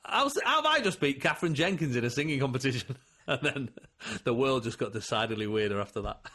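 A comedian guest in casual chat, an animated storyteller who laughs often. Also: male voice, mid-range voice, fast talker, slightly rough.

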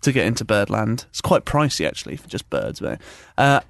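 A young man telling a funny story in a casual chat, animated and laughing often as he acts out quotes. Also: on the low side, a little fast, gravelly, dry recording, clean studio sound.

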